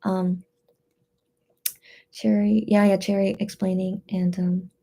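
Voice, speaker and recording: A tearful woman hosting a casual livestream, reading out chat messages in a subdued, hesitant way with many pauses and fillers. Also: mid-range voice, flat delivery, vocal fry, dark tone.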